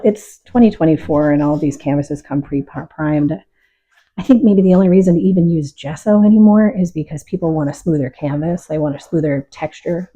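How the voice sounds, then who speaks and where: Calm, husky middle-aged woman. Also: lowish voice, muffled recording. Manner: calm, reflective, openly emotional. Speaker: painter. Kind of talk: casual talk while painting.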